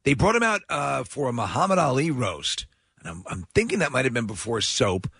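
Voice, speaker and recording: A man co-hosting a radio show, chatting with quick witty quips. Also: medium pitch, very animated, fairly bright tone, slightly rough, dry recording, clean studio sound. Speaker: radio co-host. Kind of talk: casual radio banter. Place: radio studio.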